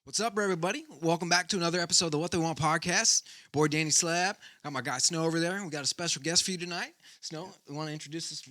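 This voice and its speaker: A man's voice: fairly high pitch, fast talker, few pauses, sharp tone, no room sound, studio quality. A man hosting a podcast, greeting listeners and tossing in short quips. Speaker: podcast host. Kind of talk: podcast intro and banter.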